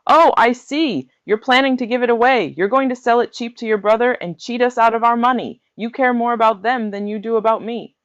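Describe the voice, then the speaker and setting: Guy doing a greedy hothead husband, shouty and accusing, way up high, flat dull sound. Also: a little fast, few pauses, no echo, close to an everyday voice. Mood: furious. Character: greedy, hot-tempered husband, man in his thirties.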